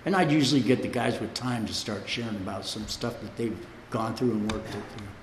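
This man's lowish voice runs a little fast as he tells his own story at a recovery meeting, laughing along with his rambling, chatty anecdotes and often dropping in "you know." Recorded in a meeting room, the sound is echoey with faint ambience and a noisy background.

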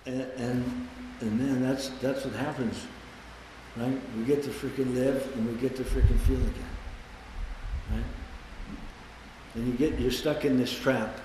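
A man's voice: steady tone, unhurried, long pauses. Man in his twenties, very echoey hall. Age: 20s. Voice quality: swears freely and acts out voices with big pitch jumps. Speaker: recovery meeting speaker. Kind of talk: personal recovery share to a group. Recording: very echoey hall with long reverb, faint background noise.

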